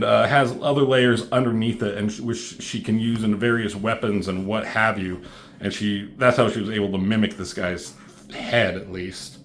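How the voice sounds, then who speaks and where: A man's voice: lowish voice, fairly bright tone. A man talking casually through a comic book review, rambling and swearing, with plenty of fillers. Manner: rambling, profane, loose with fillers.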